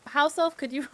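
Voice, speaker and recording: A woman's voice: mid-range voice, sharp tone, slight background noise. A woman streaming as a VTuber, chatting casually and playfully while she plays, rambling from topic to topic and talking back to the game. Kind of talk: casual live-stream chat while gaming.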